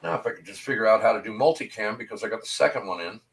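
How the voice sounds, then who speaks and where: A man's voice: on the low side, very fast, gravelly, husky. Hesitant man host fixing his stream. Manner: hesitant, troubleshooting, fumbling. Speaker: livestream host. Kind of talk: casual chat.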